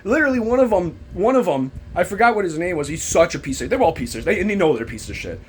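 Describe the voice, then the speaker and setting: A young man with a husky, high-pitched voice that swings widely as he vents. He rambles in a bitter, profane rant about his old workplace, jumping between grievances. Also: sing-song, quick pace. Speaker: former warehouse worker. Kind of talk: angry rant to camera.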